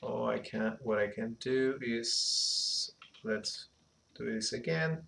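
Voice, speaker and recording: A man giving an unhurried animation software tutorial, thinking aloud as he works, with a slight phrasing. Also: mid-range voice, creaky, slight background noise. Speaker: animation instructor. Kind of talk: screen-recorded software tutorial.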